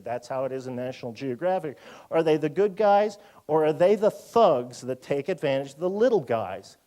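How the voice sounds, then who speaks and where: A man in his fifties giving a public lecture in a museum auditorium, animated and full of joking asides. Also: on the high side. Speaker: university lecturer.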